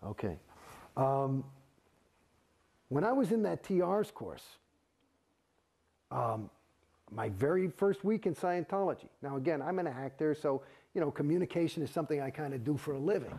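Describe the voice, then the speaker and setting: A middle-aged man, an actor, telling his own story in an interview, profane and animated, acting out the exchanges he describes. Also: a little high, moderate pace, pauses often, breathy edge. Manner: profane, animated, gets heated and acts out quoted exchanges.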